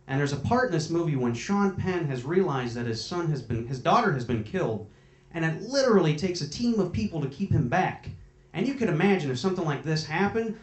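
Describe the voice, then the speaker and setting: Male comic, lively pitch, rambling setups, echoey noisy audio. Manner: rambling setup, dark punchlines. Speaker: comedian. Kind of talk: stand-up bit.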